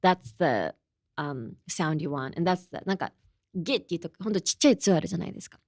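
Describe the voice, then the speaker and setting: Racing and animated, her fairly low, slightly mellow voice comes through clean studio sound with no echo. The young Los Angeles, USA, language teacher and host runs a chatty podcast lesson, mixing in Japanese easily and explaining with examples.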